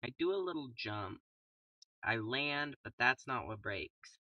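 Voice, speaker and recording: A young man casually commentating his own gameplay in a calm, soft-spoken way, throwing in playful made-up sound words. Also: medium pitch, unhurried, dry recording, far from the mic, muffled recording. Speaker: gaming YouTuber.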